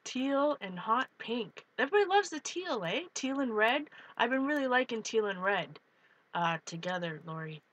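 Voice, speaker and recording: A woman's voice: on the high side, lively intonation, normal speed, a bit bright, low-quality recording. A woman hosting an art livestream, chatting casually with viewers while she paints and often giggling. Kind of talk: casual live-stream chat while painting.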